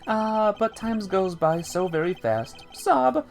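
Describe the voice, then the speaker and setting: A man putting on a weepy high old man. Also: animated, takes it slowly, gravelly, soft background music, exaggerated voice. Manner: theatrical sniffles and sobs. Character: old man, sentimental, overly tearful. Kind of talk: reading game dialogue aloud.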